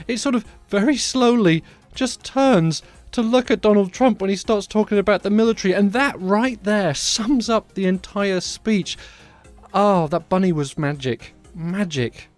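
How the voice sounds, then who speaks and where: A man hosting a podcast, giving sarcastic, animated comedic commentary on the news. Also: high voice, measured pace, no room sound, soft background music. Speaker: podcast host.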